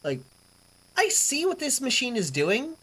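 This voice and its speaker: A woman's voice: sits high, wildly swooping pitch, measured pace, fairly bright tone, a little hiss or hum. A young woman hosting a live stream, chatting casually, rambling and swearing freely as she reacts to chat. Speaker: livestream host.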